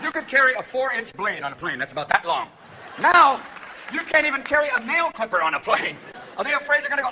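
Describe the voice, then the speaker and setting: A man performing a stand-up comedy routine on a theater stage, manic and shouting his punchlines as he jumps between voices. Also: very high voice, very animated, fast talker, noisy background. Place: theater stage before a live audience. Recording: live show with loud crowd laughter.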